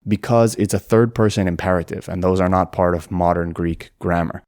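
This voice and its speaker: A man narrating an educational video and explaining things clearly and methodically. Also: sits low, steady tone, normal speed, darkish tone, dry recording, studio quality. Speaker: language explainer.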